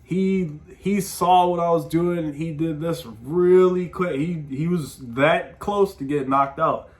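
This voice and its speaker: A man's voice: on the high side, unhurried. A man hosting his own show, telling stories in a casual, slangy monologue with plenty of swearing. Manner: animated, slangy, swearing, frequent "man" tags. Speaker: podcast host giving advice.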